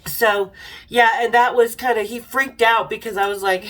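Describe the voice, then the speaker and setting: A middle-aged woman from Utah hosts a podcast, telling frank, irreverent stories in a casual chat and laughing now and then. Her voice is on the high side, steady and a bit bright, at normal speed, and the audio is poor.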